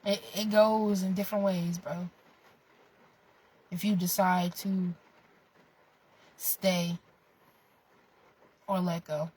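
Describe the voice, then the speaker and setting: A young woman with a husky, slightly breathy voice talks straight to her viewers in a casual, profane motivational rant. She is blunt and animated, swearing freely as she lectures them. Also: on the low side, slow pace, pauses often, poor audio. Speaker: vlogger.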